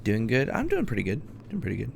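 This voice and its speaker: Gravelly, easygoing male streamer. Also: mid-range voice, wildly swooping pitch, fast, a little hiss or hum. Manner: easygoing, chatty, hums to himself. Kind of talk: casual gameplay chat. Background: music.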